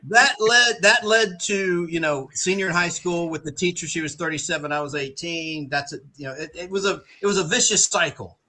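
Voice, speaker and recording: A man with a fairly high, very bright and forceful voice chats on a video call. He tells rambling, frank stories, backing up and restarting as he goes. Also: fairly quick, few pauses, a little hiss or hum. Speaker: panel guest. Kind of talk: casual chat.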